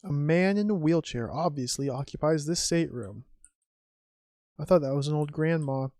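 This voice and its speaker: Recorded clean in a studio with no room sound, this warm mid-range voice offers wry, musing commentary on a vintage adventure game. Commands get typed and spoken out slowly, along with the on-screen text, in a casual streaming style.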